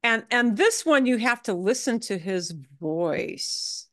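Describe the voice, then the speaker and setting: A woman teaching a beginner Spanish class, explaining grammar in a chatty, lively way. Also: fairly high pitch, slow, dry recording, studio quality. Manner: chatty, animated, acts out examples in funny voices. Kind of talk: online language class, explaining.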